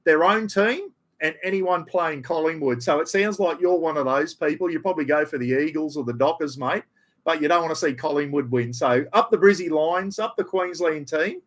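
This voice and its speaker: Chatty Australian man, fairly high voice. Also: moderate pace, fairly bright tone. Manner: rambling, chatty, ocker slang. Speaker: live-stream host. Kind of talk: casual live-stream chat.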